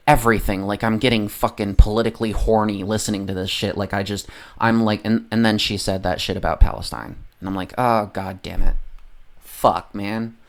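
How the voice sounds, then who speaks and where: A man ranting about politics on a livestream, swearing constantly, rambling and often losing his train of thought. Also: fairly low pitch. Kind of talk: profane political rant on a livestream.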